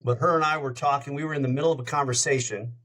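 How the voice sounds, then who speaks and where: A man's voice: medium pitch, steady tone, very fast, fairly bright tone. Middle aged radio guy on a podcast, rambly storyteller, hops between stories. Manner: rambling, jumps between anecdotes. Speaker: radio show host, podcast guest. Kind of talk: casual storytelling chat.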